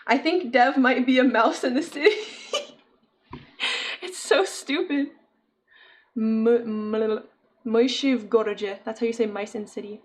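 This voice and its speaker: Young woman, streamer, casual chat, giggly, answers chat, fairly high voice. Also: expressive, measured pace, pauses often. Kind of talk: casual chat while crocheting.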